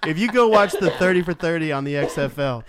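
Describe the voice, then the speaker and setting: A man co-hosting a casual sports podcast, relaxed and dryly joking. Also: on the high side, fast talker, very noisy. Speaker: podcast co-host.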